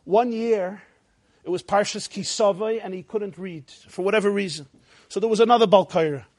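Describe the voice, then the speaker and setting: A man giving a sermon as a rabbi, acting out dialogue with sudden loud outbursts. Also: high-pitched, moderate pace.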